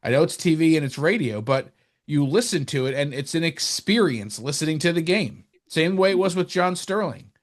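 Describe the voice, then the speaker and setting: A man from New Jersey co-hosting a podcast, chatting casually and animatedly about sports, rambling and jumping higher when he mocks someone. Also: normal speed. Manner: animated, rambling, jumps up in pitch when mocking. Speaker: podcast co-host.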